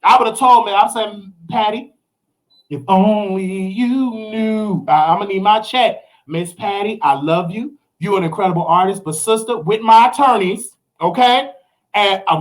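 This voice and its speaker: A man with a Southern US accent, hosting and ranting in animated commentary, preachy and mocking. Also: sits high. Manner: preachy, mocking, acts out quotes in other voices. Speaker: host.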